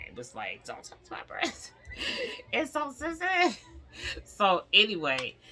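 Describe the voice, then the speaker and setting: Animated chatty woman vlogger. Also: sits low, vocal fry. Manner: animated, chatty, laughs often, addresses viewers directly. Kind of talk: casual storytelling to viewers.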